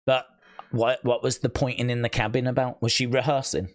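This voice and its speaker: A man's voice: mid-range voice, level tone, a little fast. A man hosting a live wrestling watch-along, rambling and musing aloud as he reads viewer comments. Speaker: wrestling stream host.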